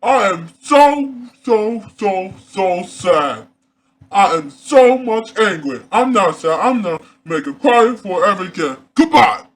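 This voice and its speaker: A man playing an upset male character named Carl in an amateur fan drama, halting and repeating his words. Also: high-pitched, animated. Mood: fed up.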